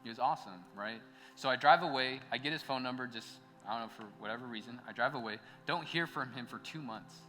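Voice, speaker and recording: A young adult American man preaches in a church hall with long reverb and soft background music, telling a personal story in a casual, chatty way full of "like"s and bursts of laughter. His mid-range voice is fast, pushed and bright.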